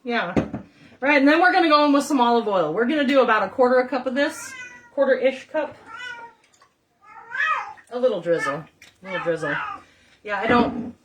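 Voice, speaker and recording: A woman's voice: high voice, expressive, brisk, distant mic, background noise. A middle-aged woman chatting and rambling through stories while cooking in her home kitchen, talking straight to her viewers. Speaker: home cook vlogger. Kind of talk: chatty cooking vlog storytelling.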